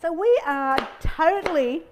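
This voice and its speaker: The background is noisy with a sizzling pan and kitchen clicks as a middle-aged woman runs a casual cooking show from her home kitchen. Her very high-pitched voice is animated yet unhurried, and she talks upbeat to viewers while chopping and frying.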